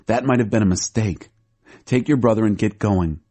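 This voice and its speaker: Guy narrating a sad worn-out old dad in a bible story, low husky voice. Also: normal speed, mellow, close to an everyday voice. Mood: sorrowful. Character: grieving aged father, weary and stubborn.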